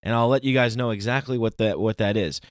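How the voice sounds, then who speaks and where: A man hosting his own podcast, talking through a solo intro in an animated, ranting, conversational way. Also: lowish voice, fast, dry recording, studio quality. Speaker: podcast host.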